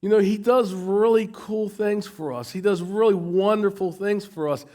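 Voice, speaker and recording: Brief: middle-aged pastor, male, slightly high voice, chatty sermon delivery with frequent restarts. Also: moderate pace, warm tone. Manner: conversational, repeats words while restarting.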